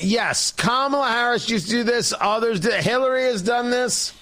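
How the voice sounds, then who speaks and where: Sarcastic high-voiced male talk host. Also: moderate pace, sharp tone. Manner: sarcastic, mocking, rambling with restarts. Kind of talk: opinionated political commentary.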